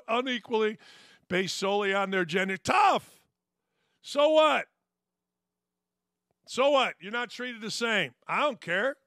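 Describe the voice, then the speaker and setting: A man's voice: high voice, bright, forceful tone, dry recording, clean studio sound. Blunt, sarcastic sports talk host, man. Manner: blunt, sarcastic, mocking, laughs at his own jokes. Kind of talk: opinionated sports talk rant.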